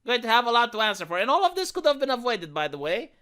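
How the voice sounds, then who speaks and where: Youtuber going off on a rant, emphatic and sweary, bright edgy tone. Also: medium pitch, very animated, fast. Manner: emphatic, profane, sarcastic. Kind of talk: ranting video commentary.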